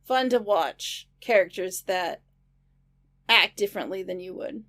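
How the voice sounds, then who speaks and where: A woman's voice: mid-range voice, a little slow, a bit bright. A young woman co-hosting a podcast, chatting agreeably about a film and thinking aloud. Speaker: podcast co-host. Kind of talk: casual film discussion.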